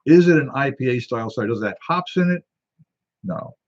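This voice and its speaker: A man's voice: mid-range voice, expressive, a little fast, highs cut off. Rambling wry man reviewing a drink. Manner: rambling and wry, talking to himself. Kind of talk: casual tasting chat.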